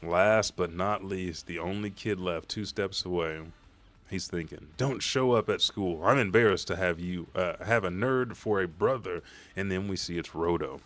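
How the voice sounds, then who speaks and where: Low-voiced, profane manga reaction host. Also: male voice, normal speed. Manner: profane, excitable recap with acted-out character lines. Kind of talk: live manga chapter reaction, reading and recapping.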